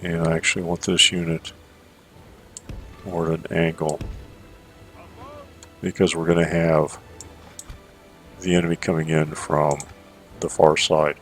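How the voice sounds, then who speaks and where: A man giving measured strategy gameplay commentary into a desk microphone, thinking aloud with fillers as he plays. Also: sits low, little pitch movement, fairly bright tone, soft background music.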